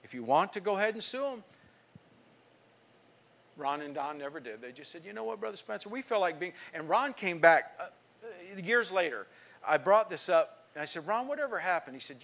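A middle-aged man preaching with a slightly high voice. He tells a story and voices its people, pushing some lines hard and dropping others to a near hush. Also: lively intonation, normal speed. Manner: storytelling, acting out quoted speech; emphatic preaching with sudden drops to quiet. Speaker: pastor. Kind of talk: sermon.

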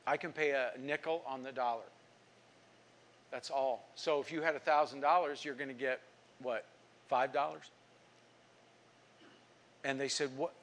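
A middle-aged male pastor preaching a sermon, telling a story and acting out the people in it, swinging from emphatic lines to hushed ones. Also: mid-range voice. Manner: storytelling, acting out quoted speech; emphatic preaching with sudden drops to quiet.

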